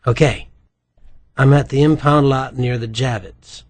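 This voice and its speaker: A man's voice: mid-range voice, steady tone, measured pace, pitched above the performer's own voice, close to an everyday voice. A man voicing a chatty, teasing woman medical examiner in an audiobook. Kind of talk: audiobook character voice.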